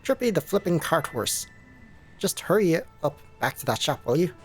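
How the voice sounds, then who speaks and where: Dude reading as a cheeky bossy game fairy, all slang, bit gravelly. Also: male voice, fairly high pitch, sing-song, normal speed, faint music behind, voice pushed up. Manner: brash slangy banter.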